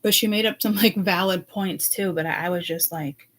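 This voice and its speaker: Middle-aged lady rambling thru a tarot reading, lowish voice, blunt, cusses a lot. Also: steady tone, normal speed, fairly bright tone, poor audio. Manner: chatty and blunt, swears freely. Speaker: psychic tarot reader. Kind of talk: casual rambling intuitive reading.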